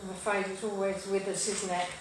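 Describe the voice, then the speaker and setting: A woman's voice: mid-range voice, flat delivery, a little fast. Rambling woman in an echoey kitchen. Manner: chatty, rambling, lots of fillers and asides. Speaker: cooking show host. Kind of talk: live cooking chat with storytelling. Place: home kitchen. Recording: very echoey kitchen, mic far off, cooking noise. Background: frying and sizzling, stirring.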